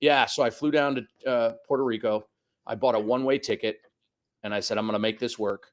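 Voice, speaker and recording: A man in his fifties tells a long personal story in a relaxed, chatty way. He slips into the voices of the people he quotes and keeps the telling lively. His voice sits at an ordinary middle pitch. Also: brisk. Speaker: guest soccer coach. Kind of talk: casual storytelling interview.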